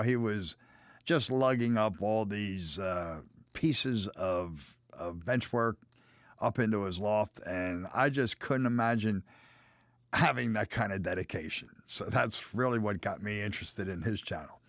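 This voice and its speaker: Casual, halting American man on a dry mic. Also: on the low side, fairly bright tone, no room sound. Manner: casual, halting, many fillers and restarts. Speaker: host. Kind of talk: live-stream chat answering viewer comments.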